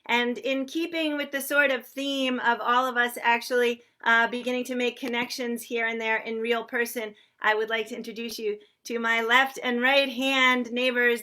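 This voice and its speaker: A woman with a high, bright voice hosts a livestreamed sing-along, effusive and chatty as she greets viewers by name one after another. She speaks from a room shared with other singers. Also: fairly even intonation, moderate pace, hardly any pauses. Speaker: host of a daily online sing-along.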